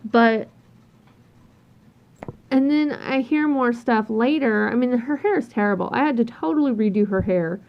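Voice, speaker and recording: A fairly high-voiced woman tells a work story in a loose, exasperated rant. She swears freely and acts out what others said in animated voices. The recording sounds dull and lo-fi. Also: normal speed, pauses often. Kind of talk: casual ranting monologue.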